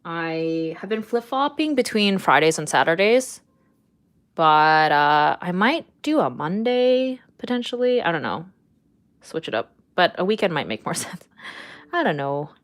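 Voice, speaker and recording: A young woman talks on a relaxed livestream from home. She rambles and fills her sentences with ums and little laughs. Her voice sits a little low for a woman. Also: unhurried. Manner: chatty, rambling, with many fillers and laughs. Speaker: artist streaming live. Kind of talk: casual livestream chat.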